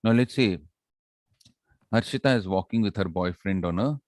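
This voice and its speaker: A man with an Indian English accent teaching public speaking in an online class, animated and asking the class for responses often. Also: on the low side, normal speed, no echo. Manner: animated, audience check-ins.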